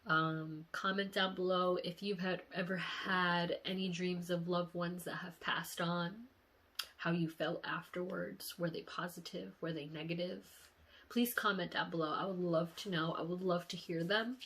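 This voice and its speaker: Woman vlogger, teary and emotional, unhurried delivery, frank and profane. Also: fairly low pitch, fairly even intonation, a bit bright. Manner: emotional, sighing, candid and profane. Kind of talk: casual dream-diary vlog.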